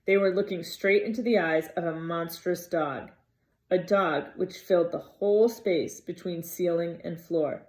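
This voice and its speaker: A woman reading a novel aloud in an expressive, dramatic way. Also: fairly low pitch, measured pace. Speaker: reader.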